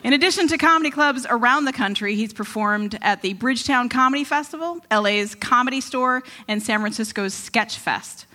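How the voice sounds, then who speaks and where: A woman's voice: a little high, brisk, hardly any pauses, sharp tone. A woman hosting a live radio show, giving an upbeat, scripted introduction of a comedian.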